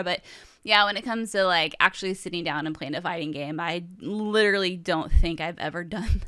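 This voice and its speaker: A woman's voice: mid-range voice, pushed and bright, clear, resonant tone, no room sound, clean studio sound. A young adult woman hosting a casual vlog, chatty and rambling, swearing now and then. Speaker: vlog host. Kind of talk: casual chat to camera. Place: home room with game shelves.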